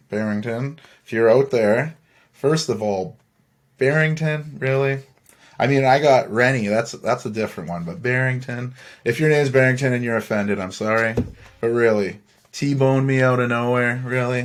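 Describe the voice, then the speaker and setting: A man's voice: medium pitch, normal speed. A young man from Saskatchewan, Canada, hosting a podcast and rambling through a story with frequent laughs and swearing. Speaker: podcast host. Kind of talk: casual storytelling.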